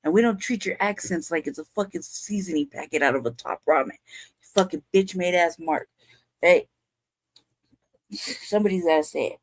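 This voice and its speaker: A woman's voice: fairly low pitch, normal speed, pauses often, slight background noise. A woman in her forties hosting a podcast, delivering a profane, repetitive rant in heated commentary. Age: 40s. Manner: profane, ranting, repetitive, emphatic. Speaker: show host.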